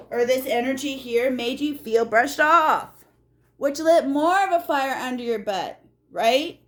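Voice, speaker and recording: A woman with a slightly high voice gives a casual spoken tarot reading. She is emphatic and a little salty, addressing the viewer directly and checking in with them often. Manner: animated, emphatic, repeats "okay?" to the viewer; blunt and salty, talks straight to the viewer. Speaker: tarot reader.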